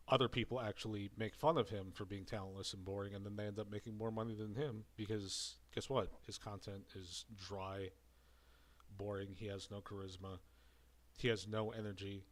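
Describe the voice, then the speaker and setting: A man with a fairly low voice runs a loose commentary rant. He rambles and circles back over the same words. He sounds a little breathless, having just had a drink. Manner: rambling and repetitive. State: slightly out of breath after drinking. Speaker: commentary streamer. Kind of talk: casual ranting commentary.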